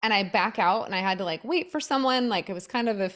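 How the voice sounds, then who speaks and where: A young woman co-hosts a podcast in a relaxed, chatty way, her mid-range voice moving at a quick pace. She brings her anecdotes to life by acting out the quotes.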